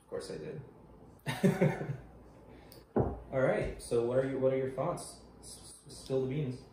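Man, young adult, low mellow voice, laid-back and swears casually, film review co-host, distant in echoey room. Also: fairly even intonation, unhurried, slight background noise. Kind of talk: casual chat. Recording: very echoey room, far from mic.

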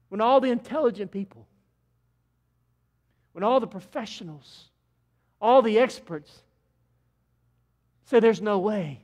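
Impassioned man preaching, high voice. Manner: impassioned preaching, swings from loud to quiet. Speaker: pastor. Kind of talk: sermon. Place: church sanctuary.

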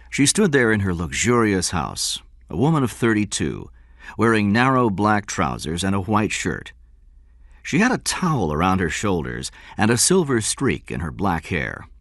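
A man reading an audiobook narration in a steady, measured way. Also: deep voice, dry recording, studio quality. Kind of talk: scripted narration.

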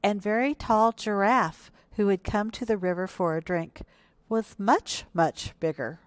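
A woman librarian reading picture books aloud for a children's storytime, speaking gently and expressively and asking the children questions. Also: medium pitch, normal speed, no echo. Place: indoors, recorded for video.

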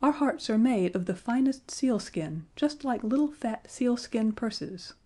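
A woman voicing a crowd of spiteful little sealskin dwarfs in a storybook, shrill and bawling. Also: animated, a little slow, mellow, breathy edge.

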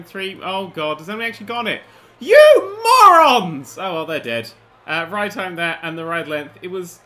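A man hosting a gaming channel, giving excitable let's-play commentary into a desk mic, laughing and swearing as he plays. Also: high-pitched, a little hiss or hum.

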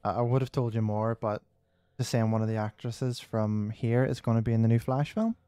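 A man's voice: medium pitch, fairly even intonation, brisk, dark tone, clear, resonant tone, no echo, clean studio sound. A man chatting casually while playing a horror game with a friend, joking, laughing and riffing on TV shows. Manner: jokey, laughing, quotes TV shows in funny voices. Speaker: let's play co-host. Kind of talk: casual gaming chat.

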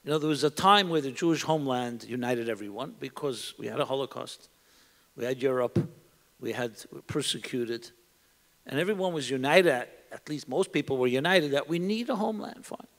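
A middle-aged rabbi on a panel gives an earnest, reflective talk to an audience in a synagogue hall, posing many rhetorical questions. His medium-pitched voice is expressive and fairly quick with vocal fry, and the hall adds a long reverb.

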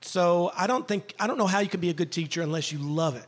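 A high-pitched man with a husky edge speaks earnestly about his work, joking at his own expense. He co-hosts a podcast recorded in a coffee shop. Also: fast talker. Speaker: teacher and podcast co-host. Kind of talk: casual chat. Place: coffee shop, live audience.

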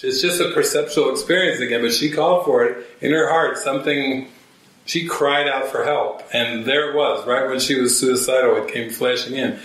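A man who is a spiritual teacher tells a story to a gathering in a church hall, acting out quotes in shifting voices. His voice is medium-pitched and fairly bright at a moderate pace. The room is very echoey and the mic is far away.

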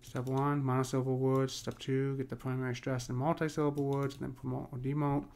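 A man teaching a poetry lesson in a casual, step-by-step way, often checking in with "right?" and slowing down to read verse lines. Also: mid-range voice, little pitch movement, vocal fry, darkish tone. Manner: talks through steps with frequent "right?" and fillers; reads verse lines slowly and deliberately.

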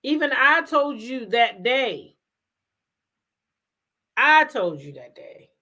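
A woman's voice: a little high, sing-song, slow pace, pushed and bright. A woman hosting a casual commentary show, talking emphatically, repeating her points and firing off rhetorical questions. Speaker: commentary host.

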